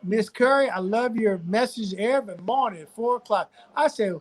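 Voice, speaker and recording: Older Southern man with a Louisiana accent, folksy preachy doctor, high for a man. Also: moderate pace, hardly any pauses. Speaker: physician guest. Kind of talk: live-stream discussion.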